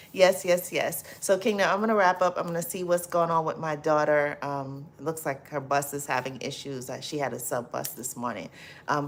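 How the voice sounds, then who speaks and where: A middle-aged woman hosting a casual livestream, reading viewer comments aloud, effusive and quick to laugh. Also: sits low. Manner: warm, effusive, laughs often and loudly. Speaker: livestream host.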